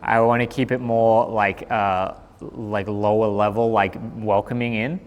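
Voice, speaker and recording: A man's voice: lowish voice, little pitch movement, unhurried, in a large hall, highs cut off. A young man with an Australian accent, a skateboarder chatting casually on a live stream in a laid-back, slangy way.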